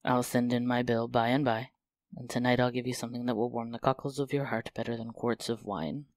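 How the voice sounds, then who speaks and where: A man voicing a kind, mischievous young man from a storybook, eager and teasing in his talk. The voice sits at a middle pitch and sounds dry and close. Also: flat delivery, brisk, no room sound, lightly acted. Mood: cheering.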